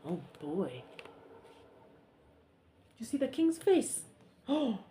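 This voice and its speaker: A woman reading a story aloud to young children, soft and hushed, pausing to ask the listeners questions. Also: fairly high pitch, big pitch swings, slight background noise.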